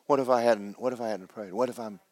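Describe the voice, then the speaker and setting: A man preaching a sermon, loud and emphatic at times and sinking to a hushed near-whisper at others. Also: medium pitch, steady tone, quick pace, no room sound.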